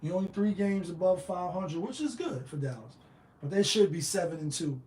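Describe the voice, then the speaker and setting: A man hosting a casual solo show on betting picks, slangy and animated, firing off rhetorical questions. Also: high-pitched, normal speed, reverberant. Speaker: sports betting show host.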